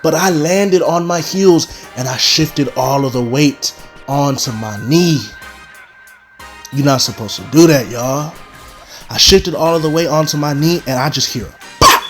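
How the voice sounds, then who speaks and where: Animated young man telling a story. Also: fairly high pitch, moderate pace, faint music behind. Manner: animated storyteller, talks straight to the audience. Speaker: vlogger. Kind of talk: casual storytime.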